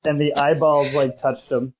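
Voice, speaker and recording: A man's voice: on the high side, flat delivery, normal speed, a little hiss or hum, poor audio. A man who is a guest on a podcast, chatting casually about a film with lots of fillers. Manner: chatty, filler-heavy, laughs often.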